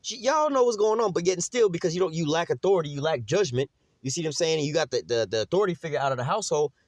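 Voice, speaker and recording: A man's voice: fairly high pitch, expressive, racing, darkish tone, dry recording. A man teaching a casual Bible lesson in a conversational, emphatic way, full of fillers.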